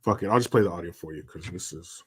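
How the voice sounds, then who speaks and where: A man's voice: low-pitched, fast, a bit bright, breathy edge. Blunt, swearing man ranting on his vlog. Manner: blunt, swearing, rambling with restarts and sarcastic asides. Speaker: vlogger. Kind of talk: profane casual commentary rant.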